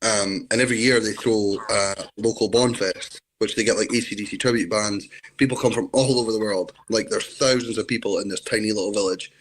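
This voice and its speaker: Scottish man, lowish pitch, rambling enthusiastic storyteller, casual interview guest. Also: fairly even intonation, a little fast, a little hiss or hum, poor audio.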